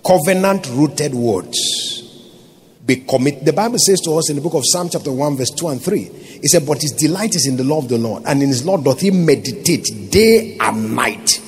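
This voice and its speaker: Man, pastor, sermon, emphatic, rhetorical questions, high-pitched. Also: animated, normal speed, darkish tone, slight background noise.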